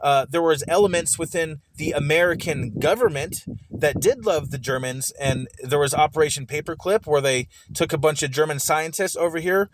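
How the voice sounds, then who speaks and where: A streamer with a slightly high voice speaks at a moderate pace while reacting to a recorded debate, cursing heatedly and stammering through repeated words. Background noise can be heard.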